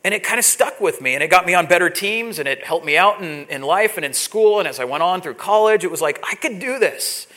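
High bright-voiced guy preaching, storytelling sermon, gets loud and animated. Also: brisk, hardly any pauses. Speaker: pastor.

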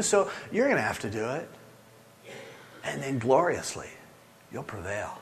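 An older man preaching a sermon as pastor, urging his listeners and swinging from loud pushes to hushed, low lines. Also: sing-song, moderate pace, creaky, long pauses.

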